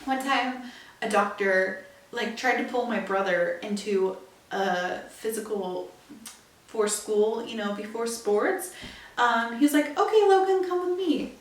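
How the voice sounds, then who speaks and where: A young woman podcast host telling a story in a chatty, animated way, with emphatic asides. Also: medium pitch, slow pace. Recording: echoey room, distant from mic.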